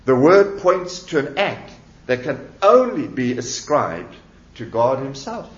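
A man's voice: medium pitch, big pitch swings, takes it slowly. A man preaching a sermon as pastor, emphatic and repeating key words with rising and falling delivery. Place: church. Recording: echoey church hall, dull lo-fi sound.

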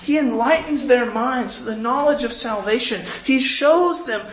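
A man's voice: very high-pitched, moderate pace, fairly bright tone, a little hiss or hum. A man delivers a sermon as a pastor, earnest and pleading, doubling back on words as he presses his point. The sound is roomy with a touch of dullness, and a faint ambience sits underneath. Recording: echoey, slightly dull room recording.

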